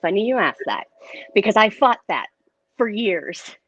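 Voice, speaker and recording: A woman speaking as an interview guest and metaphysician, telling her story in a candid, expressive way. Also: medium pitch, a little slow, muffled recording. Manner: candid and expressive, lively retelling.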